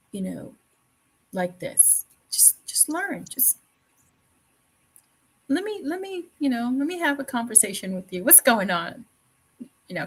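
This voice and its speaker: A woman's voice: mid-range voice, husky, poor audio. A woman hosting a talk show, speaking earnestly with repeated phrases and many fillers. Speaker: podcast host. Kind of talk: conversational talk show chat.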